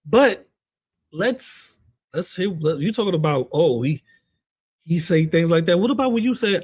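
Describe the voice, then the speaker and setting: A man with a high, light voice runs a commentary on online drama. He talks in a lively, mocking way and keeps breaking into laughter. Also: a little slow, pauses often, husky. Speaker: commentary host.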